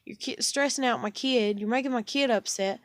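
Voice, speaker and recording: A woman's voice: on the high side, a little fast, dry recording. Weary, exasperated woman venting, dry sound. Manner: exasperated, profane, frequent heavy sighs. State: stressed and exhausted. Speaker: single parent venting. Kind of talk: casual venting monologue. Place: indoors at home.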